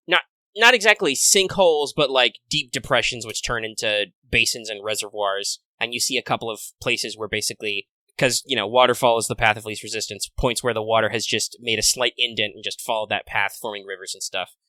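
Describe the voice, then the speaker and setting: A man's voice: lowish voice, brisk, pushed and bright, no echo, poor audio. A man narrating a tabletop game as game master, rambling with many fillers and restarts.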